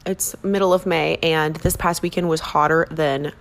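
A Minnesota woman hosts her own podcast, chatting casually in a rambling, self-deprecating manner. Her voice is low, with fairly even intonation and a normal pace.

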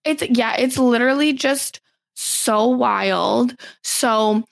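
A woman's voice: on the high side, takes it slowly, vocal fry, no room sound. A woman co-hosting a podcast in casual, opinionated chat, saying "like" often. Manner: conversational, opinionated, uses "like" often. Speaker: podcast co-host.

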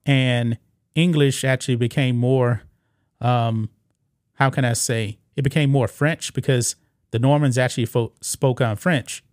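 A man's voice: medium pitch, steady tone, unhurried, darkish tone, dry recording, studio quality. A man hosting a casual commentary video, reading an article aloud and reacting with disbelief, rambling with fillers and restarts.

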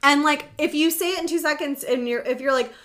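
A woman's voice: high-pitched, brisk, fairly bright tone. A young woman co-hosting a podcast, chatting casually with many "like" fillers. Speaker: podcast co-host. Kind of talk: casual chat.

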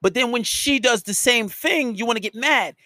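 A man's voice: very high voice, normal speed, bright, forceful tone, no echo, studio quality. A man hosting a solo podcast, ranting at his listeners in a scolding, profanity-heavy way. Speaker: podcast host and dating coach.

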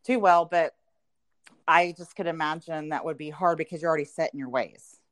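A woman with a low voice talks through family matters in a casual podcast chat. She's reflective and loose, with plenty of fillers. The sound is dry and close. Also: steady tone, brisk, no echo. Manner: reflective, speaks in southern "y'all", many "you know" fillers. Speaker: podcast co-host.

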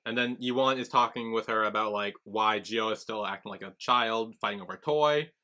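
A man's voice: lowish voice, brisk, pushed and bright. A man co-hosting a podcast, chatting casually as he retells a drama's scenes and acts out the characters' lines. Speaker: podcast co-host. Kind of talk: casual recap chat.

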